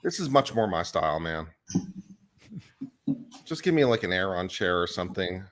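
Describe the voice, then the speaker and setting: Easygoing low-voiced man on a panel. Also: sing-song, normal speed, fairly bright tone. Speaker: panel guest. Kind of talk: casual chat.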